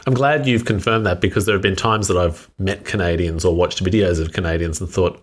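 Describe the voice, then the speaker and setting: Deep-voiced male co-host, wordy and thoughtful. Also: quick pace, hardly any pauses. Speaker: podcast co-host. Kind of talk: casual chat.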